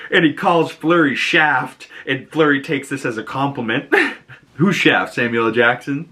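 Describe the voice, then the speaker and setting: A man's voice: medium pitch, unhurried, pushed and bright. A man recapping a TV episode in a chatty, casual way, filling his talk with "you know" and "like". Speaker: video reviewer.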